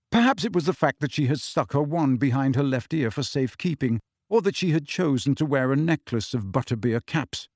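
A man reading a fantasy novel aloud in a steady, expressive storytelling manner. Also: mid-range voice, no room sound, studio quality. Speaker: audiobook narrator. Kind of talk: scripted fantasy novel narration.

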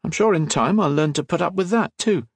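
A man voicing a bold, sharp-tongued young woman, talking in a quick, scolding, teasing way. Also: high-pitched, animated, slightly rough, no room sound, voice pushed up, full character voice. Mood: earnest.

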